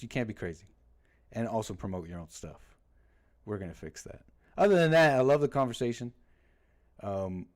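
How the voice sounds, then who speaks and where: A man's voice: medium pitch, darkish tone. A man hosting a livestream, chatting casually and rambling, often breaking off his own stories with jokes. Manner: rambling, self-interrupting, jokey. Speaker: livestream host.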